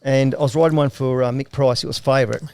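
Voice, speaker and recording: A middle-aged man talks at an ordinary, middle pitch, telling stories in loose podcast chat. He laughs often and swears freely. The sound is dry and close. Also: fairly even intonation, fast talker, darkish tone, clear, resonant tone, no room sound. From Australia. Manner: laughing, profane storyteller. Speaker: guest jockey.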